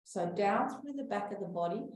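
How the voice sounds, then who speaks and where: Recorded far from the microphone in a reverberant room with slight hiss or hum, a calm woman runs a class on breathing and back care. At a medium pitch, she paces out breath cues slowly and now and then slips into gentle whispers.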